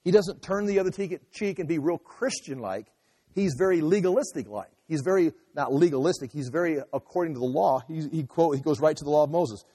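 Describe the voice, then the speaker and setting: A man's voice: on the high side, brisk, dark tone, breathy edge, in a large hall. A man giving an emphatic sermon, often restarting and repeating phrases as he teaches. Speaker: pastor.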